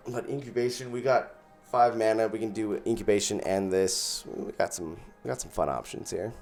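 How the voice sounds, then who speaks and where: Casting: male gaming host, lower voice, chatty play-by-play over soft music. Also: moderate pace. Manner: thinks aloud while counting mana. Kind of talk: casual gameplay commentary.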